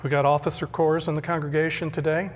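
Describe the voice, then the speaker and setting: A man's voice: fairly high pitch, little pitch movement, quick pace, long reverb tail, slight background noise. A middle-aged male pastor preaching a sermon in a conversational way, often repeating words when he stresses a point.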